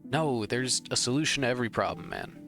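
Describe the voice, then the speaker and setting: A man's voice: medium pitch, fast talker. A young man giving emotional, rambling gameplay commentary, arguing with the characters on screen. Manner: rambling, heated, talks to the screen. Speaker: let's play gamer. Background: game music.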